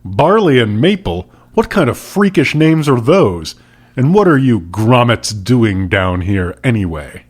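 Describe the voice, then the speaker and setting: A man's voice: mid-range voice, sing-song, unhurried, slightly rough, pitched above the performer's own voice. A man voicing a menacing, sneering French chef villain from a book, harsh and snappy. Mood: snapping. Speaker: podcast co-host reading aloud.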